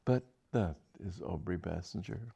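A man doing a pompous preachy young gentleman. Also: low-pitched, measured pace, gravelly, breathy edge, exaggerated voice. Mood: theatrical. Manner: theatrical, preachy.

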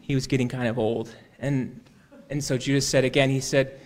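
Man, storyteller, oral storytelling, unhurried, conversational, repeats phrases, mid pitch. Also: little pitch movement, a little mellow. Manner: unhurried, repeats "he said", small restarts.

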